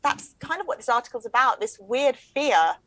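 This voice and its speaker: A woman, chatting as a comedian guest in a quick, wry, joking way. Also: on the high side, very animated, a bit bright, low-quality recording. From England. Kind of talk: casual chat.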